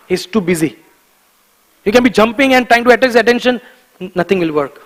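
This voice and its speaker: A man giving a devotional morning class in a temple, emphatic and animated, repeating key words for stress and often chuckling. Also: very high-pitched, brisk, in a large hall, rough recording. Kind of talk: devotional lecture. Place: temple hall.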